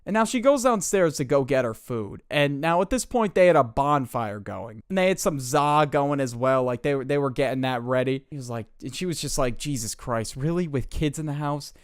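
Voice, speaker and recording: A man's voice: medium pitch, animated, normal speed, hardly any pauses, clear, resonant tone, dry recording, studio quality. A young man casually retelling a viewer's story in slangy, filler-heavy talk. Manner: slangy, fillers like "like" and "bro", loose and chatty.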